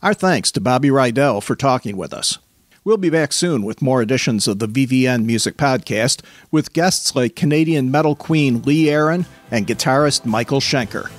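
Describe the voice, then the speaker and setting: A man hosting a music podcast, reading a plain, measured outro. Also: medium pitch, no room sound. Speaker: podcast host. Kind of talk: interview and scripted outro.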